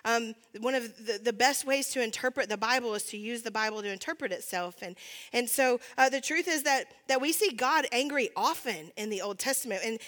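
Woman preacher, high and bright, chatty storytelling sermon, self-mocking. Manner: chatty, many fillers, laughs at herself.

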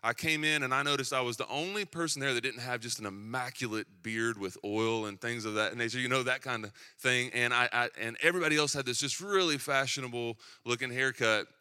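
A young man with a Tennessee accent delivers a sermon in a relaxed, storytelling way, dropping dry self-mocking jokes along the way. His voice is very bright and forward, sitting at an ordinary pitch for a man. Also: a little fast, few pauses, smooth. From Southeastern United States. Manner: storytelling, self-deprecating humor, conversational. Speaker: preacher.

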